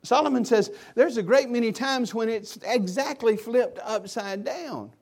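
A man preaching a sermon as pastor, impassioned and swinging between loud emphasis and hushed asides. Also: very high-pitched, unhurried, vocal fry.

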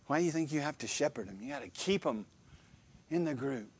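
A man's voice: a little high, a little fast, slightly rough. Emphatic preacher man. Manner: animated, emphatic preaching with repeated phrases. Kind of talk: sermon.

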